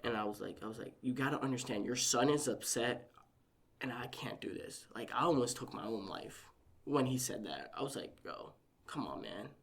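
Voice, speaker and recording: Young male podcast guest, mid-pitched, gravelly, casual storyteller who acts out quotes. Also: fairly quick. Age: young adult. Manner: rambling storytelling full of "like", acting out quoted family members.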